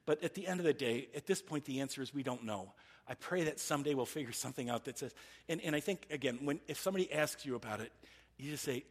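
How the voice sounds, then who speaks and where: A man preaching a sermon in an earnest, halting way, often restarting his phrases. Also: medium pitch, animated, breathy edge. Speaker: pastor.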